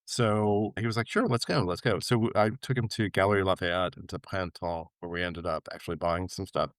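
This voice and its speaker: A man's voice: a little fast, smooth, no room sound. A man from New York, a podcast guest, telling a travel story with energy and acting out the people he quotes. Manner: animated anecdote-telling, acting out quoted voices with big pitch jumps. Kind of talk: casual storytelling interview.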